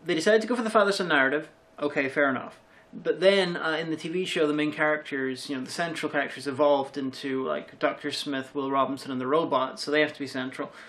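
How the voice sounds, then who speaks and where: Measured, hedging co-reviewer. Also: medium pitch, a bit bright. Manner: measured, hedging, many restarts. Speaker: film reviewer. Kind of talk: casual chat.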